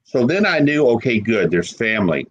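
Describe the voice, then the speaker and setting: A man as an interview guest telling a personal story, emotional and halting, repeating words as he holds back tears. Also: mid-range voice, very animated, highs cut off, a little hiss or hum. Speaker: guest paranormal investigator.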